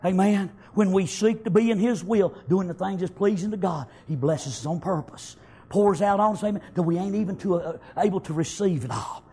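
Briskly, a man preaches a testimony sermon, telling stories with fervor and a folksy touch. His husky voice sits very high for a man, "amen" marks almost every thought, and he bursts into shouted praise.

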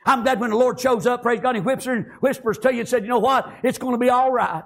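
High-voiced fervent preacher man. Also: quick pace, creaky. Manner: fervent, peppered with amens and praise Gods. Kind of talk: sermon.

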